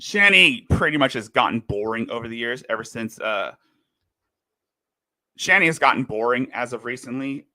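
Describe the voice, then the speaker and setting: A man's voice: medium pitch, expressive, normal speed, bright, forceful tone, no room sound. A man in a heated, profane commentary rant, lurching between fury and apology. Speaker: livestream commentator. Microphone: desk microphone.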